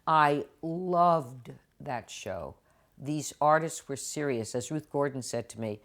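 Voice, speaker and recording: Older actress guest, deep low voice, expressive storyteller. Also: female voice, slow pace. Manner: animated, acts out quotes in different voices. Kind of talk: interview storytelling. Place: TV studio.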